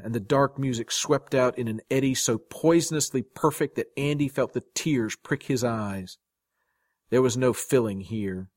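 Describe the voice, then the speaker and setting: A man reading a short story aloud as its narrator, in a measured, dramatic way. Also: on the low side, no echo, clean studio sound. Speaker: story reader. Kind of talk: scripted narration.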